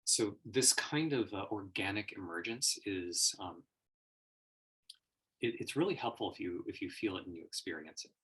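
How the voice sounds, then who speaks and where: A man's voice: low-pitched, expressive, normal speed, fairly bright tone, slightly rough. A man giving a reflective livestream monologue as a personal growth teacher, searching for words and laughing often.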